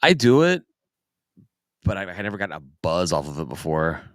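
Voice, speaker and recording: A man's voice: sits low, sing-song, a little fast, no room sound, clean studio sound. A man with a Southern US accent hosting a podcast in casual chat, laughing often and tripping over repeated words. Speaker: podcast host.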